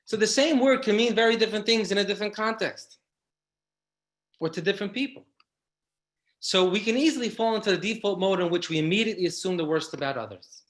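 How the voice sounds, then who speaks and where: A man's voice: high-pitched, fairly bright tone. A man, a rabbi, giving an inspirational lecture, reflective and repeating key lines for emphasis.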